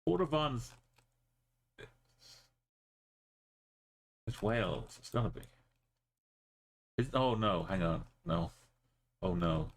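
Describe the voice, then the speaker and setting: A man's voice: mid-range voice, big pitch swings, takes it slowly, gravelly, pauses often. A man streaming a map game, talking in a rambling, jokey way. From Britain. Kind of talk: casual gaming commentary.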